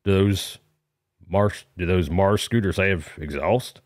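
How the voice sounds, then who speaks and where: A man with a low, deep voice tells a long, wandering comic story as a caller. He drifts from point to point in a folksy way and uses rural grammar. The sound is close and dry. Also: takes it slowly, no room sound. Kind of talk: rambling comic monologue.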